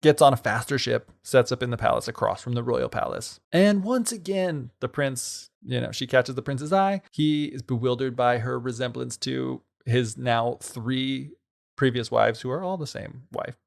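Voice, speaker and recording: Gravelly male podcast co-host. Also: medium pitch, moderate pace. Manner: playful, acts out characters with sarcastic quoted voices. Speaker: podcast co-host retelling a folktale. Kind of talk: casual chat.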